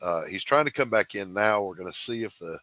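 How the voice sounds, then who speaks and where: Forceful man hosting a chat show. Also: lowish voice, animated, brisk, no echo. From South Carolina Low Country. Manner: jokey, rambling, laughs easily. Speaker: podcast host. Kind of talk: casual chat.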